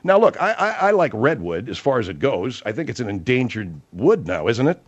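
A man's voice: mid-range voice, very animated, brisk, muffled recording. Blustery, exasperated radio host man. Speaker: radio talk show host. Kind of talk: comedic radio talk.

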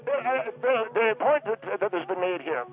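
A man's voice: sits high, lively intonation, moderate pace, voice pushed up. A man putting on an indignant caller with a raised voice, full of sarcasm and mock politeness. He scolds in huffy bursts. The audio is dull and muffled, with faint music under it. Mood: huffy sarcastic. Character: indignant, sarcastic middle-aged male caller.

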